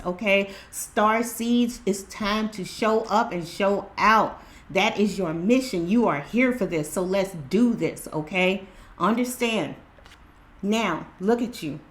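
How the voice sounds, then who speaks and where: A woman giving an excited spiritual tarot reading to her viewers, repeating herself in a preachy way. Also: medium pitch, takes it slowly. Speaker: tarot reader.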